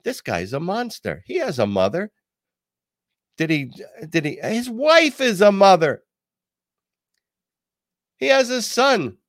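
An older man hosting a talk podcast, telling stories and reading quotes in a casual, animated way. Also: high voice, no echo, clean studio sound. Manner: animated, reads quotes aloud, pauses with ums. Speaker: podcast host. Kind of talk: casual commentary and storytelling.

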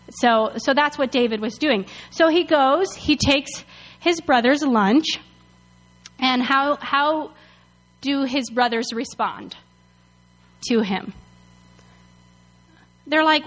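A woman leading a casual Bible study, chatty and animated, full of "like" and "you know" as she retells the story. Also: high voice, takes it slowly, pauses often, in a large hall.

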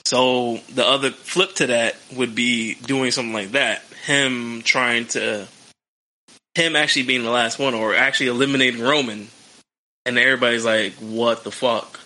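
A man chatting excitedly about wrestling, swearing freely and acting out quotes. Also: mid-range voice, normal speed, rough recording. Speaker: wrestling podcast co-host. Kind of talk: casual chat.

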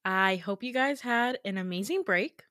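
A woman's voice: medium pitch, moderate pace, fairly bright tone, no room sound, clean studio sound. A young woman hosting a podcast and telling a dream story in casual chat, full of fillers, swearing and self-mocking laughs. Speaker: podcast host. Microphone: home podcast mic.

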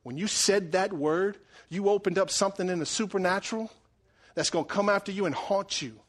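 A middle-aged man preaching a sermon, animated and joking, swinging between loud and hushed delivery. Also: high voice, brisk. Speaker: pastor.

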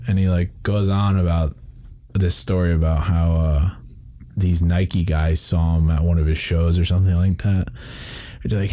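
A young man with a very low, dark voice talks on a podcast. He retells stories with animated energy and swears freely. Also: normal speed. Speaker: podcast co-host. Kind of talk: casual podcast chat.

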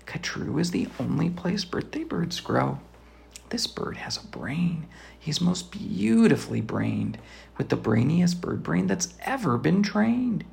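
A man's voice: fairly high pitch, sing-song, measured pace, gravelly, a little mellow. A man reading a rhyming children's book aloud as a father, in a sing-song rhythm that often drops to a whisper. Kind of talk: storybook read-aloud.

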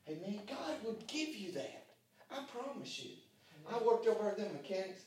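Male preacher, high voice, soft to shouting, echoey room, distant mic. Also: big pitch swings, moderate pace, a little hiss or hum. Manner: preaching with big swings in volume, from hushed to shouting; fillers like "hey, man" and "uh". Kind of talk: sermon.

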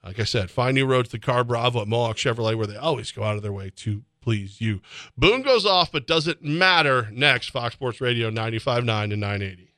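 A man hosting a sports radio show, excitable and rambling, often laughing as he talks. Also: medium pitch, fairly quick, no room sound, clean studio sound. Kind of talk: casual sports radio banter. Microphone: studio microphone.

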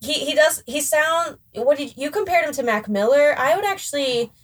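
Giggly young woman, halting speech. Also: high voice, lively intonation. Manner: hesitant restarts, giggly. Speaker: podcast co-host. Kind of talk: casual music review chat.

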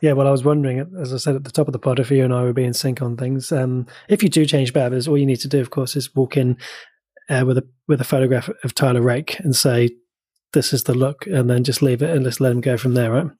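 A New man co-hosting an entertainment podcast, joking in a dry, teasing way. His voice is slightly husky and recorded close with no room sound. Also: mid-range voice, steady tone, fast talker, darkish tone, dry recording. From New Zealand. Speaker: podcast co-host. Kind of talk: casual chat.

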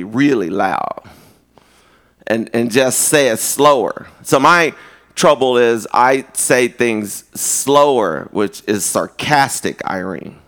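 A man with a somewhat high voice preaches a live sermon, talking to the congregation like a friend. He trips over restarts and jokes along the way, then slows way down and drops his voice to drive a point home before climbing back up to exhort. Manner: conversational preaching with humor and repeated restarts; drops low and slow for emphasis, rises loud when exhorting. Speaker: pastor.

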